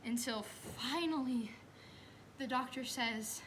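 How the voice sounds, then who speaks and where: A student actress, a young woman, performs a stage monologue on a school theater stage as an anxious new mother remembering giving birth, delivering it expressively and dropping into whispers. Her voice is fairly high, slow, and a little bright. The audio is poor, with a faint hiss or hum.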